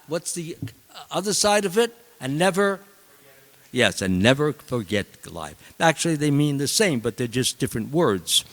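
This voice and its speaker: A man, a monk giving a scripture class, tells a story in an animated way and acts out the characters. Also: on the high side. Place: temple hall. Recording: long reverb of a temple hall.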